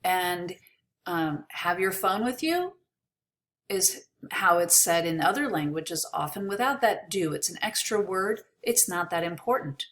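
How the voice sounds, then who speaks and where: A woman teaching an English lesson, explaining in a slow, clear way. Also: fairly low pitch, fairly bright tone. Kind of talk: ESL lesson.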